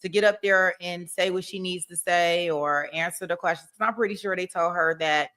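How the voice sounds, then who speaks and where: A woman's voice: on the low side, fairly even intonation, moderate pace, hardly any pauses, a bit bright, smooth. A woman hosting a casual live stream, chatting about a court case and reading viewer comments, laughing often and repeating herself. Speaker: livestream host.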